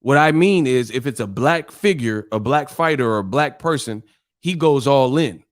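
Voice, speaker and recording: A man's voice: mid-range voice, animated, normal speed, no room sound, studio quality. A man hosting a live stream, ranting casually in a profane, exasperated way and laughing often. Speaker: streamer host.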